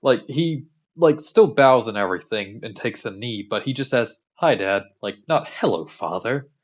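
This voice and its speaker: A man casually retelling a story in a relaxed, rambling way with lots of fillers. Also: medium pitch, normal speed, highs cut off. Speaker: commentator.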